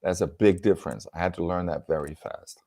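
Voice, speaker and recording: A man with a German accent, a comedian telling stories in a lively, laughing casual chat on a video call. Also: deep voice, a little fast, heavy background noise. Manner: animated, laughs often, acts out quotes. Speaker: comedian and storyteller.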